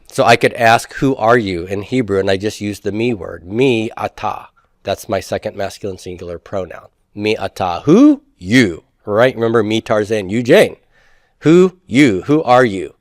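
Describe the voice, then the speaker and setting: A man teaching a Hebrew grammar class in a relaxed lecture, joking and acting out example questions. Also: on the low side, dry recording, studio quality.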